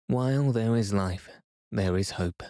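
A man reading the lines of a stern, unshakable old professor uncle in a firm, measured, lecturing way. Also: on the low side, dark tone, no room sound, clean studio sound. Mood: resolute.

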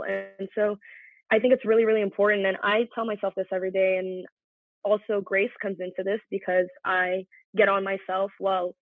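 A woman's voice: mid-range voice, dry recording. Twenties woman podcast guest, earnest and reflective, sounds like she's on a tinny phone call, super dry. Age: 20s. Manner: earnest and reflective, talking through feelings openly. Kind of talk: casual podcast conversation.

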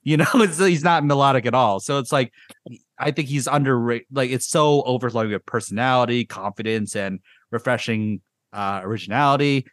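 A man hosting a podcast in casual chat, rambling and excitable with lots of filler words. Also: medium pitch, a little fast, no room sound, studio quality. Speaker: podcast host. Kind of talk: casual chat reviewing music.

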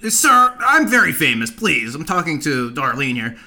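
A man's voice: mid-range voice, sing-song, normal speed, pushed and bright, exaggerated voice. A man doing a blustery, demanding impression of a famous actor in an improv comedy scene.

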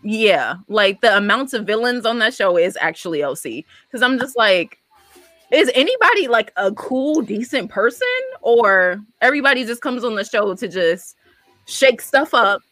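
A woman's voice: fairly high pitch, expressive, moderate pace, fairly bright tone, dry recording, soft background music. A woman co-hosting a casual talk show, chatty and enthusiastic as she recommends a series. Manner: enthusiastic, chatty, many fillers. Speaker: co-host. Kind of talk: casual show review chat.

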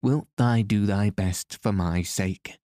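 A man's voice: fairly low pitch, slow, warm tone, dry recording, studio quality. A man voicing an amused, gracious queen in a storybook reading, with archaic courtly speech. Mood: pleading.

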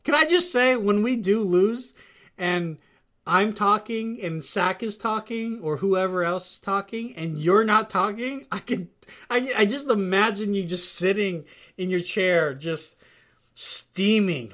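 A speaker in casual chat who rambles and talks in an animated way, often acting out what others say. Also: medium pitch, slow. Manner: rambling, animated, acts out quotes.

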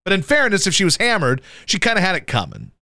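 A man hosting a radio show, chatting casually about sports in a profane, animated way and jumping into high yelps to mimic people. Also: fast, no room sound, clean studio sound. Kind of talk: casual sports talk banter.

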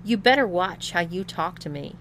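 A woman voicing an indignant young man who keeps protesting loudly. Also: lowish voice, lively intonation, normal speed, slight background noise. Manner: protesting, loud and defensive.

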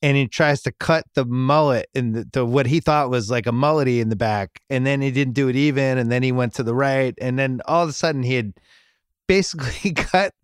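This is a middle-aged man hosting a podcast, spinning a long, rambling family story and cracking himself up along the way. His voice sits at an ordinary middle pitch. It sounds dry and close, with no room around it. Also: fairly quick, smooth, dry recording. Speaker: podcast host. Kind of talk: casual storytelling chat.

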